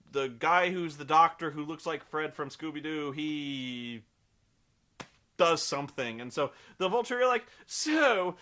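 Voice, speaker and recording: A man's voice: a little high, a bit bright. A man giving a rambling, sarcastic and profane comedic film review.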